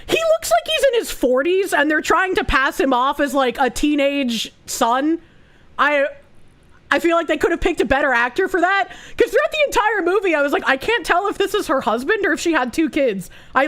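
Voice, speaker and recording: A young woman streamer giving casual movie commentary, rambling and animated, with many fillers and restarts. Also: sits high, moderate pace.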